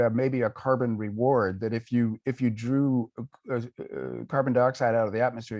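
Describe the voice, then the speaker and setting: An older man, a guest author, answering questions in a conversational panel talk, measured and thoughtful with pauses and fillers. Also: mid-range voice, a little mellow, dry recording, muffled recording.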